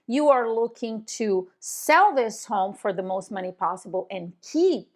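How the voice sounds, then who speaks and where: A middle-aged woman coaching real estate agents in an instructional video, talking confidently and emphatically. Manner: confident, emphatic, demonstrates tone with sudden pitch jumps.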